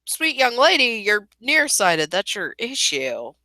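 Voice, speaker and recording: A woman's voice: fairly high pitch, big pitch swings, takes it slowly, bright, forceful tone, dry recording, heavily acted. A woman voicing an old male eye doctor who speaks in a stiff, formal, condescending way.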